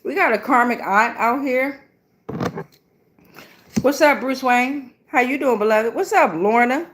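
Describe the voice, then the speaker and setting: A woman's voice: high voice, a little slow, a bit bright. A woman doing a casual live tarot reading, blunt and chatty with a lot of profanity and slang. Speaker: tarot reader.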